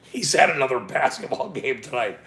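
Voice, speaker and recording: A man's voice: mid-range voice, very animated, brisk, fairly bright tone. A middle-aged man hosting a livestream, ranting sarcastically and swearing freely as he talks to his chat. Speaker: livestream host.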